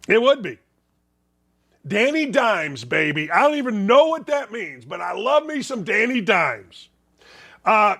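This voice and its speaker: A male sports talk show host delivers an opinionated monologue in a high, bright-edged voice that sounds stuffy from congestion, and he sneezes. His style is brash, folksy and emphatic, leaning on repetition.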